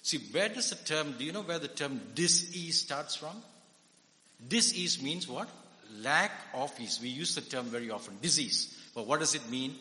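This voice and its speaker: A man's voice: a little high, animated, normal speed, pushed and bright. A man preaching a conversational sermon, often putting questions to his listeners. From India. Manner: conversational, asks the audience questions. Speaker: preacher and psychiatrist. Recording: echoey hall.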